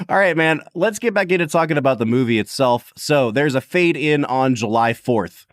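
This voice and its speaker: A man's voice: medium pitch, normal speed, no echo, clean studio sound. A man co-hosting a podcast, chatting casually and joking often. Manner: animated, jokey, laughs often. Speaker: podcast co-host.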